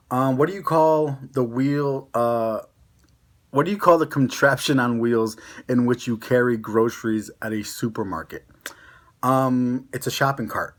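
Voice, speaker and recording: A man's voice: mid-range voice, moderate pace. A young man with a Connecticut accent chatting casually to camera as a vlogger, rambling with lots of fillers. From Connecticut, USA.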